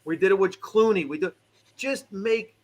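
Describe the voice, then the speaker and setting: A man talking as a comedian guest in casual chat, animated and joking with emphatic repeats. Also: sits high, normal speed.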